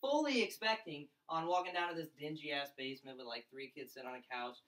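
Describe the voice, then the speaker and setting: Young guy hyping up a crowd, super fast, bright pushy voice, mic kinda far away. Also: fairly high pitch, reverberant. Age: young adult. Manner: fast, excited storytelling with mimicked voices. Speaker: event speaker. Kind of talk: energetic pitch talk to a crowd.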